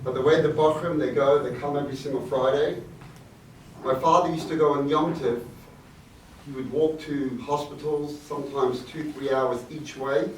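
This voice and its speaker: Distant echoey rabbi telling a story. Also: male voice, a little high, fairly even intonation, moderate pace. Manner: reflective, warm anecdotal storytelling with Yiddish words. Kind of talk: storytelling speech to an audience. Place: event hall. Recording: echoey room, distant mic, faint noise.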